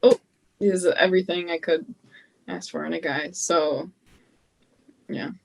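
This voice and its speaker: A woman's voice: lowish voice, fairly even intonation, a little slow, creaky, rough recording. A young adult woman, a podcast guest, chatting casually and telling stories with lots of laughter and acted-out quotes. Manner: bubbly storyteller, laughs often, acts out quotes. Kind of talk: casual interview chat.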